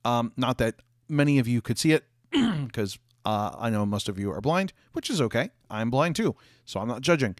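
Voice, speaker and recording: A man's voice: medium pitch, animated, moderate pace, dry recording, studio quality. A young adult man chatting casually with viewers on a livestream from his office, rambling with lots of fillers and restarts, coughing and hiccuping.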